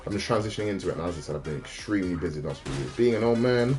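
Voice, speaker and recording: A man's voice: low-pitched, animated, rapid-fire, a little mellow. A man, chatting casually on a livestream in a rambling, slangy way that often breaks off mid-sentence. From South West London. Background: faint radio music.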